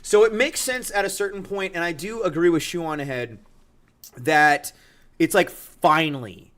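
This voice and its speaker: A man co-hosting a casual podcast, animated and profane, laughing often and talking with lots of filler words. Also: on the high side, normal speed. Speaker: podcast co-host.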